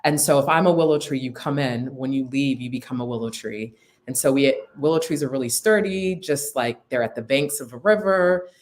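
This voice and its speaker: Calm woman counselor explaining. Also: extremely low pitch, fairly quick, few pauses. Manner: calm, steady explanation with fillers. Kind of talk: explaining in an interview.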